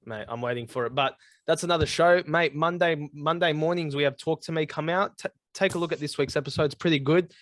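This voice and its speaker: A man's voice: a little high, fairly quick, fairly bright tone, no room sound, clean studio sound. A man hosting a casual podcast over a video call. He chats in a matey way and wraps up the episode with plugs for other shows. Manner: easygoing, matey, promo-style sign-offs. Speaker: podcast host.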